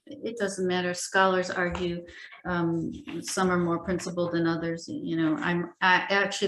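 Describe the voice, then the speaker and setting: A middle-aged woman gives an unhurried spiritual teaching, taking her time and often pausing or correcting herself. Her voice sits a little low. The room around her is echoey. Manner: gentle, halting explanation with many ums and self-corrections. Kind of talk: informal spiritual teaching talk. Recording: roomy echo.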